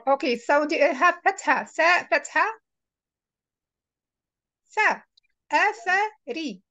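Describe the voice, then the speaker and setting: Woman, high voice, tutor, patient, slow model repetitions. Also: pushed and bright. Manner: patient, repeats words slowly to model pronunciation. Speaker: Arabic tutor. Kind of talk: one-on-one reading lesson.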